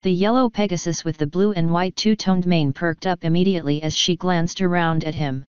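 A woman giving a steady, even fanfiction reading in a dull lo-fi recording. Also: fairly low pitch, brisk, clear, resonant tone, no room sound. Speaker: story reader.

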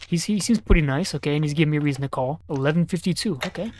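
A young gaming YouTuber gives casual gameplay commentary in a fairly high, slightly mellow voice, racing along. He jokes and talks back to on-screen characters while muttering notes and numbers to himself under his breath. There is no room sound.

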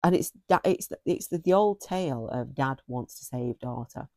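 A woman's voice: extremely low pitch, animated, normal speed, dark tone, dry recording, clean studio sound. A middle-aged woman giving a casual, effusive book review, often repeating phrases for emphasis.

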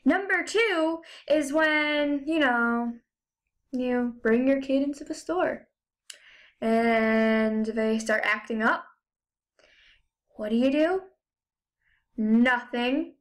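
A woman's voice: sits high, drawn-out words, pauses often. A young woman vlogging in a casual, sarcastic, profane rant, full of "you know" and "like" fillers. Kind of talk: ranting casual vlog.

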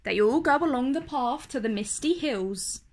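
A woman reading a picture book aloud for children, in a slow, clear, expressive way. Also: sits high. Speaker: storyteller.

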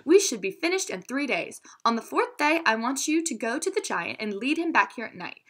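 A woman voicing a wise, determined clockmaker who calmly explains her plan in a read-aloud story. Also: a little high, a little fast, pitched above the performer's own voice. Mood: earnest.

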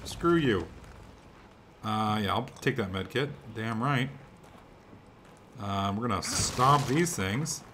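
A young man commentating a game in a sarcastic, profane let's play style. His voice is bright and jumps around a lot in pitch. He mutters one moment and yelps the next. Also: animated, takes it slowly, long pauses, slight background noise. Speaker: gaming commentator.

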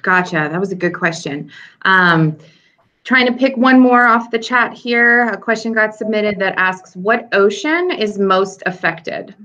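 Upbeat female moderator, crisp bright tone, video-call Q&A. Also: medium pitch, a little slow, muffled recording. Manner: upbeat, reads questions from the chat. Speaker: moderator of a virtual classroom. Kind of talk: moderating a live Q&A.

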